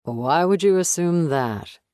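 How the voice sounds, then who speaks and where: A man's voice: on the high side, lively intonation, slow pace, a little mellow, smooth, no room sound, studio quality, voice pushed up. A man voicing a persuasive, needling FBI boss with a coaxing, slightly raised tone.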